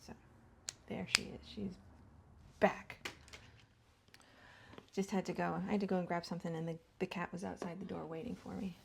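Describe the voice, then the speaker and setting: Middle-aged lady rambling through her makeup vlog, low gravelly voice, laughs a lot and slips into whispers. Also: flat delivery, normal speed, pauses often, background noise. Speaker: beauty vlogger. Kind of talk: chatty get-ready-with-me. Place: home.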